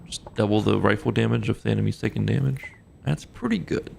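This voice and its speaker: A man giving relaxed, casual commentary while livestreaming a game, thinking aloud and laughing easily. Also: lowish voice, fairly quick, gravelly, slight background noise. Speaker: gaming streamer. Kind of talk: casual live gameplay commentary.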